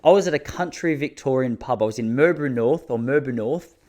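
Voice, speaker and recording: An Australian man in his thirties, hosting a podcast and telling rambling, self-mocking comic stories with quick asides. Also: mid-range voice, a little mellow. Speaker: podcast host. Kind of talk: comic storytelling monologue.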